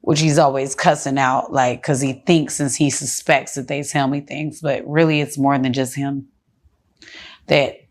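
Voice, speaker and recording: A woman's voice: a bass voice, little pitch movement, measured pace. A woman guest in a casual interview on a studio couch, speaking bluntly, heatedly and with lots of cursing.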